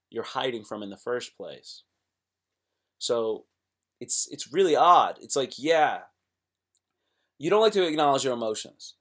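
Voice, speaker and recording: Young man, live streamer, casual motivational talk, swings from quiet murmurs to loud bursts. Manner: animated, swings between low murmurs and loud exclamations; acts out quoted voices.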